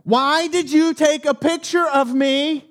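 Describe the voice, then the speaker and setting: A man voicing an angry, suspicious woman who keeps accusing a stranger, shrill and repeating herself. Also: wildly swooping pitch, normal speed, heavily acted.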